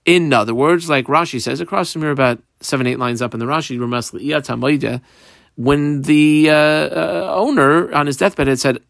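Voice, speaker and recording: A man's voice: a little high, moderate pace, creaky, a bit bright, no echo, studio quality. A man teaching a Talmud class, reading Aramaic phrases and explaining each one in English, step by step, and telling which words he marked on the page.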